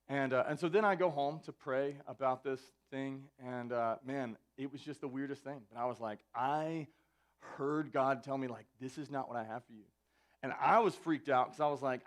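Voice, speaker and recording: A man's voice: medium pitch, brisk. A young man preaching a live sermon to students, in a conversational way with self-interruptions and joking asides. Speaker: student ministry pastor. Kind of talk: sermon to youth, anecdotal. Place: church venue, live service.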